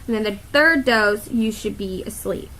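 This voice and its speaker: A woman's voice: medium pitch, moderate pace, bright, forceful tone, a little hiss or hum, poor audio. A young woman telling a story to the camera in a casual vlog, chatty, with many fillers and laughs. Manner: chatty, many fillers and quoted inner thoughts, laughs often. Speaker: vlogger.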